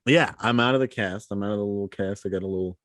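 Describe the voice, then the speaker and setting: A man in his thirties co-hosting a podcast, joking and swearing in relaxed chat. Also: lowish voice, fast, dry recording, studio quality. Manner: profane, joking. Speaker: podcast co-host. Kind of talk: casual chat.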